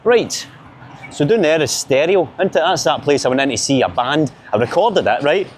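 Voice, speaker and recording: A man's voice: fairly high pitch, expressive, normal speed, a little hiss or hum. Joking Glaswegian man vlogging a street walk. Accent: Glaswegian Scottish. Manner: chatty, joking, rambling banter. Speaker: vlogger filming a city walk. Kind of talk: casual walking vlog to camera. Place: outdoors on busy city streets.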